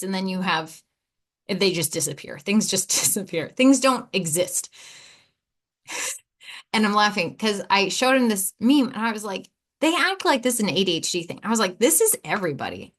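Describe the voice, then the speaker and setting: Chatty woman in her thirties. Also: medium pitch. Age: 30s. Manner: animated, quotes people in lively voices, laughs often. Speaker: podcast host. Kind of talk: personal storytelling podcast.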